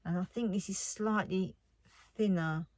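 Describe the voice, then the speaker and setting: A woman's voice: medium pitch, measured pace, a little mellow, no echo. A woman chatting casually about her craft haul. She rambles and often drops to a near whisper. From United Kingdom. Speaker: craft vlogger.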